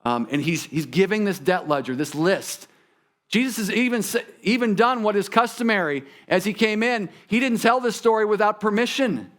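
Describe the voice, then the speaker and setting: A man's voice: high voice, moderate pace, a bit bright. A man preaching a sermon in a church, talking conversationally and turning to the congregation with asides. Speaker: pastor. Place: church sanctuary.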